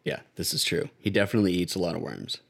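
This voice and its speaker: A man with a lowish voice chats casually about an anime episode, cursing freely and breaking into laughter. He retells scenes with lively put-on quotes. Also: fast, creaky, slightly rough. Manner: profane, laughing, animated retelling. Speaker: podcast co-host. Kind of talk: casual chat recapping an anime.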